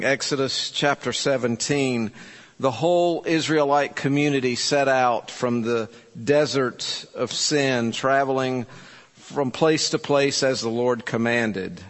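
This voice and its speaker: A man preaching a sermon as pastor, with measured delivery and rhetorical questions to his congregation. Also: fairly high pitch. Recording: long reverb from a large hall.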